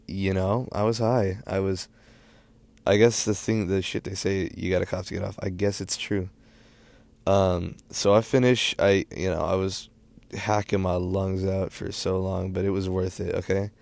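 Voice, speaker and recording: Gravelly low-voiced teen guy rambling. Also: little pitch movement, darkish tone, dry recording. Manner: rambling, filler-heavy, quick bursts. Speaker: storytime vlogger. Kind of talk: casual storytelling.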